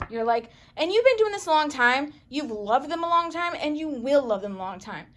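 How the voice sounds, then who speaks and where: A woman reading tarot cards for viewers in a chatty, playful way, excitable and full of pet names. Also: sits high, moderate pace, a little hiss or hum. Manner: playful, chatty, calls listeners baby girl and boo; excitable, gasps and exclaims over cards. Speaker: psychic medium tarot reader.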